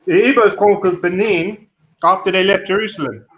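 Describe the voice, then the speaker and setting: Halting man, slightly high voice. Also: fairly even intonation, a bit bright, poor audio. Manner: halting, repeats words while searching for them. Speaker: caller. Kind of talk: casual call-in chat.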